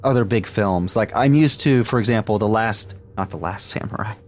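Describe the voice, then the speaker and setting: Podcast co-host, male, lowish voice, easygoing rambling chat with light laughter. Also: normal speed, a little mellow, soft background music. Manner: chatty, laughs often, many fillers and restarts. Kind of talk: casual movie podcast chat.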